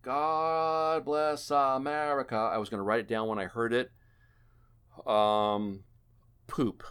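A man's voice: lowish voice, little pitch movement, measured pace, clean tone. A man hosting a casual gaming podcast, rambling and joking with many fillers and restarts. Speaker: podcast host. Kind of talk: casual gaming podcast chat, wrapping up the show.

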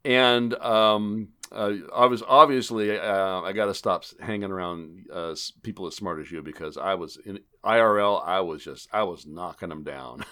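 A man hosting a comedic gaming podcast, joking theatrically and swinging between loud declarations and quiet asides. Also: low voice, moderate pace, hardly any pauses. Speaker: podcast host.

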